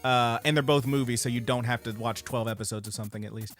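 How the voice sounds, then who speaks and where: A man's voice: mid-range voice, quick pace, soft background music. A man co-hosting an anime podcast, chatting casually and retelling a film with lots of swearing. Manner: swearing, animated storyteller. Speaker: podcast co-host. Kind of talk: casual chat.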